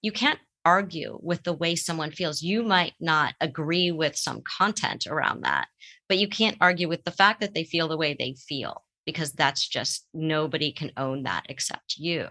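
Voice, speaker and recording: A woman therapist with a low voice and a bright, forward tone. She gives advice in a studio conversation. She walks through everyday examples and acts out what people say. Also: normal speed. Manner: explains with everyday examples and acted-out quotes.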